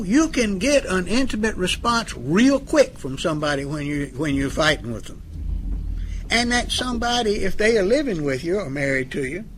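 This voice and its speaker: A middle-aged man with a fairly high voice tells stories to a live audience in a folksy, joking way. He acts out both sides of a couple's arguments. A faint hiss of background noise sits under his voice. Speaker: speaker on addiction recovery. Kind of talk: storytelling talk to an audience.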